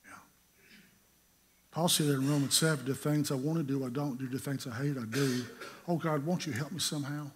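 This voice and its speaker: A middle-aged man, preaching a sermon in a folksy storytelling way, acting out scenes with sudden loud bursts. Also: mid-range voice, steady tone, a little fast, slight background noise. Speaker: pastor.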